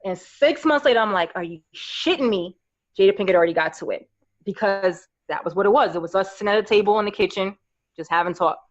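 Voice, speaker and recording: A woman's voice: mid-range voice, fast. A woman in her thirties from New York chats as a podcast guest in a mid-range voice. She tells her stories casually and animatedly, putting on her friends' voices. The recording sounds slightly muffled. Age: 30s. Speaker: podcast guest, makeup artist.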